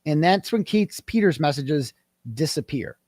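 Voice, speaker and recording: A man, a guest in an interview, telling a story in a casual, animated way and acting out the quoted dialogue. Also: a little high, unhurried, no echo.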